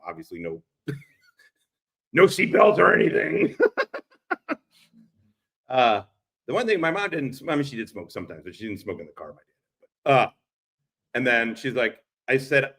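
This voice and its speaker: Here the streamer's voice sits at medium pitch with a fairly bright tone. He rambles through profane anecdotes with frequent laughter while reacting to clips live, captured on a laptop's built-in mic as casual stream storytelling.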